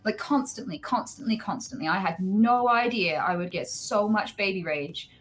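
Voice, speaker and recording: A woman chatting with friends, recounting a story in an unhurried, candid way. Her voice sits at a middling pitch and she swears freely, acting out what others said. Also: rough recording. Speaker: streamer guest. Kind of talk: casual group chat, storytelling.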